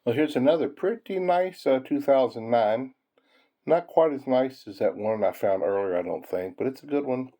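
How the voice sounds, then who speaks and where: Here the coin-roll hunting host has a mid-range, mellow voice that is expressive and moves at a moderate pace. He chats casually with his audience while going through pennies, calling them folks and chuckling frequently in a folksy manner.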